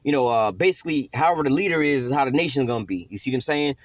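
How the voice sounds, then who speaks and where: Fast, profane street-style preacher man. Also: medium pitch, no echo. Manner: profane, slangy, rambling. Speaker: scripture teacher. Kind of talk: informal sermon.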